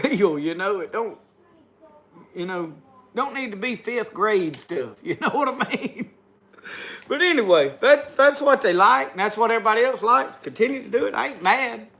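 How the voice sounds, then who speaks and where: A man's voice: high-pitched, animated, moderate pace, bright, forceful tone. A middle-aged man with a Southern US accent hosting a casual livestream in a folksy drawl, closing with a spoken prayer. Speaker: livestream host.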